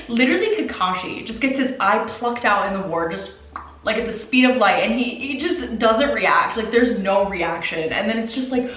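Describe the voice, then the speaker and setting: A woman's voice: fairly high pitch, big pitch swings, moderate pace, a bit bright. A woman rants in casual commentary, exasperated and disbelieving, laughing as she talks. She sits a bit back from the mic, and the room around her rings with echo. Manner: exasperated, incredulous, laughs often. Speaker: anime commentator. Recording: roomy, distant from the mic.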